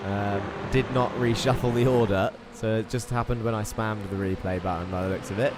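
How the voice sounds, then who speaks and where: A man commentating an online sim race, excitable and chatty, reading out viewer messages between the action. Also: fairly low pitch, brisk, background noise. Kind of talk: live esports race commentary.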